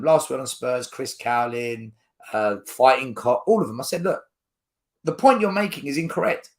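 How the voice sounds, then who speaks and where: A man's voice: medium pitch, fairly bright tone. A man hosting a football fan channel, ranting to camera in a blunt, argumentative way. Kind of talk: fan opinion rant to camera.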